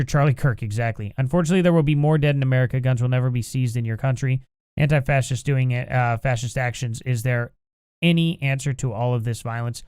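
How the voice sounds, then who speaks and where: A man's voice: fairly high pitch, dry recording, studio quality. A man hosting a live stream, reading chat aloud and answering it with combative, sarcastic, exasperated rants, plainly angry. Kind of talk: heated live-stream commentary.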